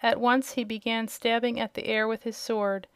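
A woman narrating a children's storybook with steady, measured reading. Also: fairly high pitch, clean tone, no room sound. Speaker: audiobook narrator.

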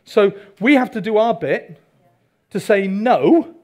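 A man preaching a sermon, animated, with asides to the congregation. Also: high-pitched, takes it slowly. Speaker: pastor.

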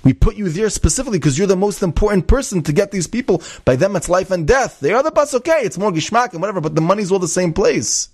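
An enraged bus company boss, put on by a man in a voice pushed well up from his usual, sputtering and scolding as he tears into his employee. He sounds husky and worked up, his words tumbling out in exasperation. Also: medium pitch, moderate pace, darkish tone, dry recording, clean studio sound, pitched above the performer's own voice, lightly acted. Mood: furious scolding. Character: angry ranting male bus company boss.

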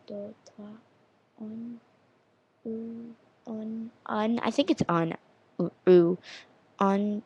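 A woman's voice: medium pitch, vocal fry. A young woman in her teens, casually vlogging, rambling and self-deprecating as she practices counting and saying words. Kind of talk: casual vlog chat.

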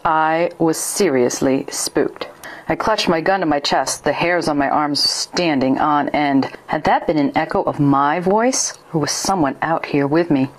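A woman narrating a ghost story in the first person with a steady storytelling delivery. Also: sits low, unhurried.

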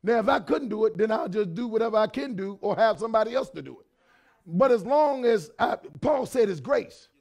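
A pastor in his fifties preaching a sermon, swinging between shouted lines and quieter talk, with lots of repetition. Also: sits high, expressive, a little fast, vocal fry. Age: 50s.

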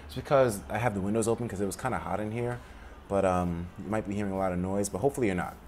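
Rambling, profane gaming commentator, low voice. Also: male voice, steady tone, very fast, darkish tone, a little hiss or hum. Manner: rambling, profane, bursts into high laughter. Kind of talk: casual let's-play commentary. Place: room at home with windows open.

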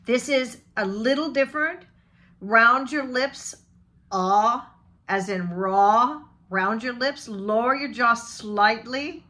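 A woman's voice: medium pitch, bright, forceful tone. A woman teaching a pronunciation lesson, giving tongue and lip directions and drawing out example words one by one. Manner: demonstrates vowel sounds with slow drawn-out example words. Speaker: voice and accent coach.

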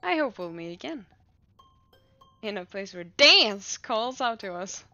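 A woman's voice: mid-range voice, animated, normal speed, gravelly, a bit bright, dry recording, lo-fi sound. A woman streamer reading a dance-loving game character's lines in an enthusiastic, coaxing way. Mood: encouraging. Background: faint game music.

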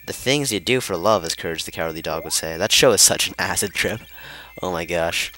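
A man's voice: sits low, a little fast, pushed and bright, slight background noise. A young man giving rambling, flustered commentary while playing a video game, full of fillers and restarts. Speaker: let's player. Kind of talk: gameplay commentary.

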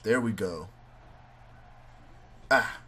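A man commentating his own wrestling game run, swinging between yelling, cursing at opponents and mock ring-announcer boasts. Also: on the low side, drawn-out words. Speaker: gaming video host. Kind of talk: live gameplay commentary.

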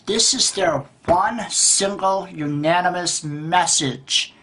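Frustrated husky man in his thirties. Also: fairly high pitch, lively intonation, unhurried, bright, forceful tone. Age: 30s. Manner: frustrated, profane, rambling with restarts. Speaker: vlogger. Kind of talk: ranting vlog monologue. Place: at home by a table.

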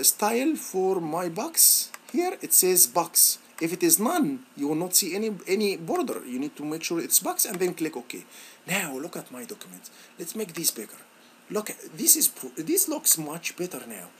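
Man with a lively, animated teaching voice. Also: high voice, a little hiss or hum. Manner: halting, many fillers and restarts, encouraging. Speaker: instructor. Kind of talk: screen-recorded software tutorial.

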